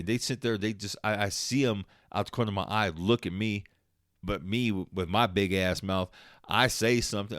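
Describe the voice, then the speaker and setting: A man's voice: lowish voice, steady tone, moderate pace, fairly bright tone, no room sound, studio quality. A man hosting his own podcast alone, ranting in a heated, profane way and laughing at himself. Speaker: podcast host. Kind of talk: late-night solo podcast rant.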